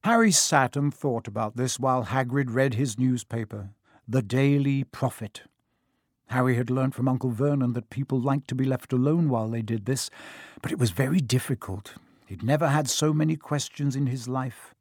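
A man narrating a children's fantasy audiobook in a steady storytelling manner, recorded in a studio. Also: medium pitch, normal speed, husky, dry recording. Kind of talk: scripted narration.

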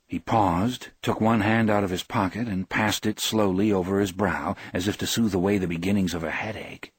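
A male audiobook narrator with a low, husky voice reads with measured expression. The recording is close and dry, with no room around it. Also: fairly even intonation, no echo. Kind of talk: scripted narration.

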